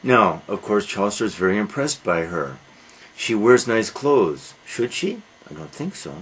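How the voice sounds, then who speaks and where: A man's voice: on the low side, sing-song, a little slow, fairly bright tone, slightly rough, rough recording. A man lecturing on literature to a class, asking rhetorical questions and answering them himself, with frequent uhs.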